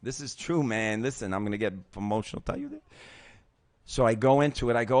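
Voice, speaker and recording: A middle-aged man tells a raw personal story, full of swearing and emotion, and acts out the voices of the people in it. His pitch swings widely as he talks. The sound is dry and close, with no room around it. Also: a little fast, no room sound. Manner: emotional, profane, animated retelling with acted-out voices. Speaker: host.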